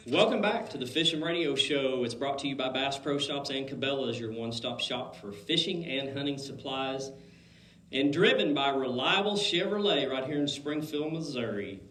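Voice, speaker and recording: A man's voice: medium pitch, expressive, moderate pace, a bit bright. A man hosting a fishing radio show, chatting in an easygoing, folksy way and a little out of breath. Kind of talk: casual radio interview. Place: radio studio. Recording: roomy studio echo.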